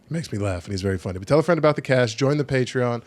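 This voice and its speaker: A young man hosting a podcast in casual chat, joking, animated and swearing freely. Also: medium pitch, racing, dry recording. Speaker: podcast host. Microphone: studio podcast mic.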